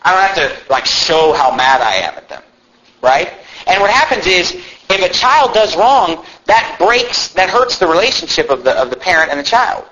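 A man preaching a sermon in an animated way, now and then shouting mocking impressions. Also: high voice, normal speed, muffled recording. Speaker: pastor.

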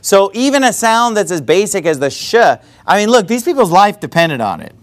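A man preaching a sermon in a conversational way, with quick asides and self-corrections. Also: high-pitched, sing-song. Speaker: pastor.

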